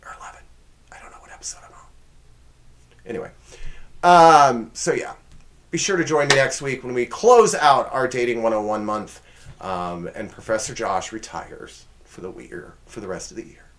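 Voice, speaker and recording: A man's voice: mid-range voice, moderate pace, a little hiss or hum. A man hosting his own comedy show, signing off in a goofy, rambling way with self-deprecating asides and sudden whispered side comments. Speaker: host.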